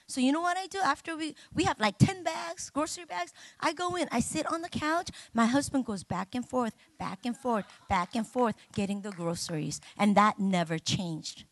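A middle-aged woman preaching a sermon, chatty and humorous with the congregation and bursting into loud, emotional exclamations. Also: a little high, moderate pace, hardly any pauses, no echo.

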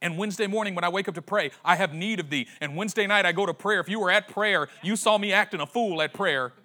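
A man in his forties preaching a sermon as pastor, impassioned and repetitive, swinging between hushed and loud. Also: sits high, quick pace. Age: 40s. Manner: repeats phrases for emphasis.

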